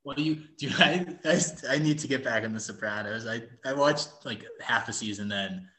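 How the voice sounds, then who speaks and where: A man's voice: medium pitch, normal speed, bright, forceful tone. A man co-hosting a podcast in loose, joking casual chat. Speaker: podcast co-host.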